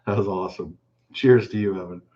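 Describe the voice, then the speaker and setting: A man hosting a fishing channel's live chat, reading viewer questions aloud and answering them in a relaxed, chatty way. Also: low voice, muffled recording. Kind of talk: casual live stream chat.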